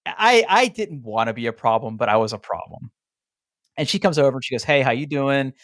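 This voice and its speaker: Guy on a podcast rambling through a travel story, mid pitch, acts out the dialogue, lots of likes, super dry close sound. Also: sing-song, a little fast, fairly bright tone, no echo. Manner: frequent "like" fillers and restarts. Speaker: podcast co-host. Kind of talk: casual chat.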